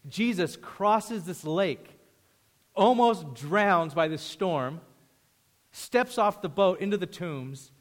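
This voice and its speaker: Male pastor, slightly high voice, punchy sermon delivery with casual asides, long hall reverb. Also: expressive, slow pace. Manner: emphatic preaching, swinging between loud and hushed; conversational storytelling asides.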